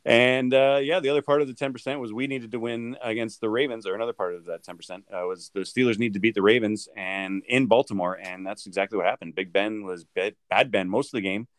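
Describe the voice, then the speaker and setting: A man co-hosting a podcast, chatting about football in a lively, joking way and laughing often. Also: lowish voice, fast, few pauses, no echo. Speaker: podcast co-host. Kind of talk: casual sports chat.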